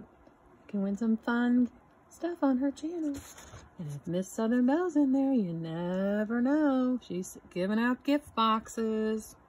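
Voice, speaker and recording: A woman's voice: a little high, a little mellow, husky. A woman hosting her own channel, gushing and exclaiming as she unboxes a gift box. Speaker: channel host. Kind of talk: unboxing vlog.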